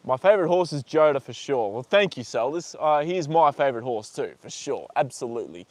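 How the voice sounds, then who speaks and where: The host, an Australian man, runs a casual livestream from a horse paddock, chatting, reading viewers' comments, and speaking fondly to his horses with casual swearing. His mid-range voice is expressive and a little mellow, moving fairly quickly with few pauses.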